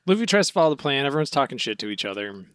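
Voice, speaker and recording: A man with an ordinary middle-pitched voice chats in a relaxed way, laughing easily while recapping events. He is recorded close and dry, with no room echo. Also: racing. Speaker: podcast co-host. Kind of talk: casual podcast chat.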